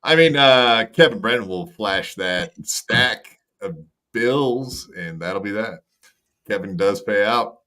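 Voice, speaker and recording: A man's voice: fairly low pitch, lively intonation, slow, bright, forceful tone. A man hosting a podcast, teasing his co-hosts in casual, profane banter. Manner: teasing, swears freely. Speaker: podcast host.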